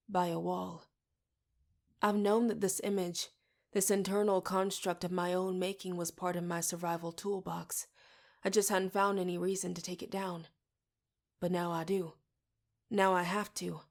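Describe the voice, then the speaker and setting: A woman narrating an audiobook in the first person, low-pitched with a gravelly fry. Her reading is steady and intimate. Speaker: audiobook reader.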